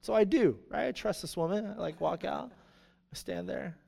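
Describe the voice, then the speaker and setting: High-voiced young preacher in a reverberant hall. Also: male voice, moderate pace, vocal fry, breathy edge. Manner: animated storytelling with many asides. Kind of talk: sermon with personal story.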